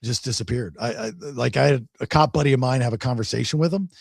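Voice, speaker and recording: A man's voice: medium pitch, fast, gravelly, no echo, clean studio sound. A male podcast host, telling a long story in casual chat, rambling and repeating words. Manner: rambling, repeats words, animated when quoting others.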